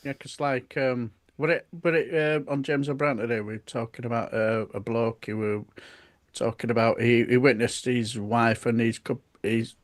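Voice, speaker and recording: A man's voice: medium pitch, fairly even intonation, moderate pace, no echo, studio quality. A man co-hosting a casual talk show, often stumbling and restarting his sentences. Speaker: co-host. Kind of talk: casual chat.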